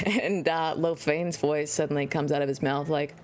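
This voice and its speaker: A woman running a tabletop game as game master, narrating in an animated, playful way. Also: low voice, normal speed, soft background music.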